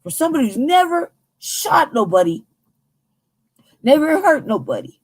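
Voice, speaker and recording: An American woman hosting a news commentary show, talking in a heated, emphatic, profane way with a husky voice. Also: high voice, very animated, moderate pace, no echo. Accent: American English. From United States.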